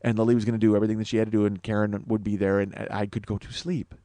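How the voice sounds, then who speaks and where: A man's voice: lowish voice, level tone, racing, warm tone, dry recording. Exasperated man ranting his story. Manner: exasperated, profane, self-mocking. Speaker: podcast host. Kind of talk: rambling comic storytelling.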